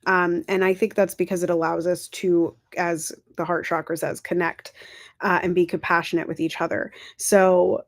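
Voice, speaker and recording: A woman hosts a casual livestream in a lowish, chatty voice, encouraging and often correcting herself. Her throat sounds dry. The sound is close and dry, with no room around it. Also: level tone, moderate pace, no echo. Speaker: livestream host.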